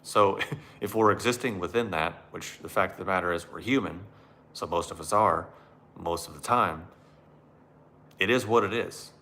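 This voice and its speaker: A man's voice: sits low, moderate pace, bright, forceful tone. A man giving a sardonic monologue on spirituality and self-help, mocking it and acting out the voices he quotes.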